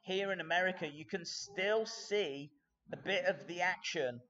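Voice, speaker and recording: A man's voice: high voice, measured pace, pushed and bright. A man hosting a live-stream reaction, chatting casually and thinking aloud with fillers. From England. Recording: slightly muffled stream audio.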